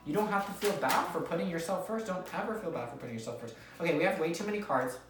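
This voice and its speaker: A woman's voice: lowish voice, animated, fast talker, faint music behind. A woman giving a casual tarot reading to viewers, chatty and repetitive, often checking in with "okay?". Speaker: tarot reader. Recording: echoey room, mic at a distance.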